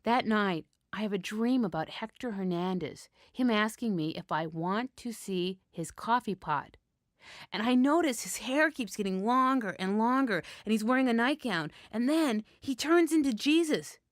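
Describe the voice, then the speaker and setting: Woman storyteller, deadpan and wry, fairly high, dry close sound. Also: normal speed, no room sound. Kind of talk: performed first-person storytelling.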